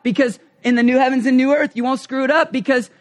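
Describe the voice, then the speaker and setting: A male preacher giving a passionate sermon, emphatic and swinging from hushed asides to loud calls, often acting out short prayers and quoted lines. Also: very high voice, steady tone, fast talker.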